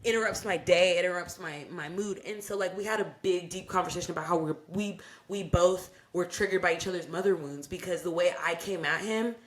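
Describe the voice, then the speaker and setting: A young woman co-hosting a podcast, telling a personal story in casual, profane chat and getting animated as she re-enacts arguments. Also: fairly low pitch, fairly quick, hardly any pauses. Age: young adult. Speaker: podcast co-host.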